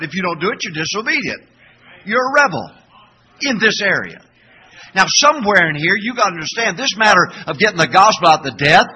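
A man's voice: fairly high pitch, sharp tone. A middle-aged man preaching a sermon, folksy and emphatic, calling for responses from the congregation. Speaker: pastor.

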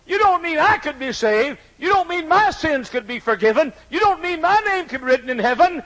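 Preacher man with a really high voice, fiery sermon, speaks as the sinners, goes hushed then yells, pitch all over. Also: animated, brisk, low-quality recording. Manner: impassioned, speaking as repentant sinners in first person; swings from hushed low pleading to shouting.

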